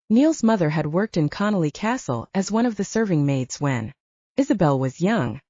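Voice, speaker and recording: A woman narrating an audiobook with expressive, scripted storytelling. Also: fairly low pitch, moderate pace, no echo, muffled recording.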